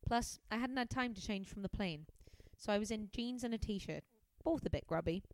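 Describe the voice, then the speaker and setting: A woman's voice: medium pitch, normal speed, darkish tone. A woman guest on a podcast, reading passages from a detective novel aloud and breaking off for amused, laughing asides. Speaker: podcast guest, comedian and scientist.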